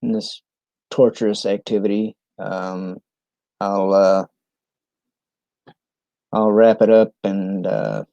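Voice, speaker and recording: A man from New England chatting casually on a live stream, halting and full of ums and restarts. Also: fairly low pitch, expressive, gravelly, dark tone, no room sound, lo-fi sound.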